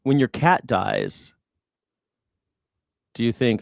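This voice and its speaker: A man hosts a live reaction stream and answers his chat with heavy sarcasm. His voice sits in a middle pitch and sounds dry and close, with no room around it. He moves from loud, pointed jabs to quiet, hushed asides. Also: expressive, moderate pace, dry recording. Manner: sarcastic, mocking, jumps between loud and hushed.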